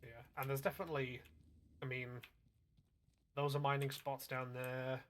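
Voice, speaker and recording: Man, bright voice, rambling casual game chat. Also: mid-range voice, flat delivery, moderate pace, a little hiss or hum. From Northwest England. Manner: rambling, meandering explanations full of fillers. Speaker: gaming streamer.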